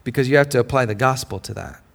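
A male pastor preaching a sermon, swinging between loud declarations and soft, close lines. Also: medium pitch, fast, creaky.

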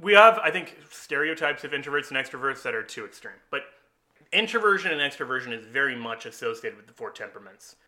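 Bright-voiced animated man explaining. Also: medium pitch, fast. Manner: animated storyteller, chuckles often. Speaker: host explaining personality types. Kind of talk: casual explanatory chat.

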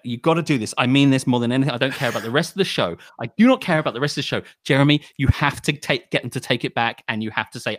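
Animated ranting man. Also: medium pitch, quick pace, few pauses, dry recording, studio quality. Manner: animated, swearing, mock-outraged. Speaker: podcast co-host. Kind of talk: casual ranting chat.

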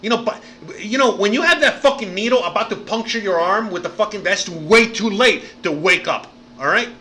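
A man's voice: high-pitched, moderate pace, sharp tone. A man ranting profanely in a reaction video, repeating "you know what I mean" over and over. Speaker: commentator reacting to clips.

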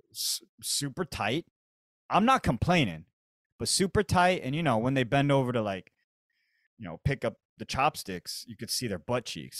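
A man with an American accent talks casually through a comedy monologue. His speech is full of slang and swearing, and his pitch jumps around expressively. The recording is dry and close. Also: dry recording. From United States. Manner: slangy, profane, laid-back bro talk. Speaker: podcast host.

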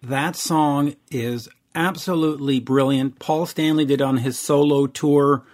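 A man's voice: a little high, steady tone, measured pace, a little mellow. A man hosting a rock interview show, chatting casually with many fillers and asides. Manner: chatty, rambling, with frequent fillers. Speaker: radio show host interviewing a band. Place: based in Montreal.

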